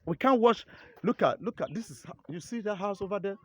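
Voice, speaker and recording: A man's voice: high-pitched, expressive, a little fast, fairly bright tone. A Nigerian man pleading urgently and repetitively while filming outdoors on a handheld phone beside an eroded road. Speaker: local resident filming his community.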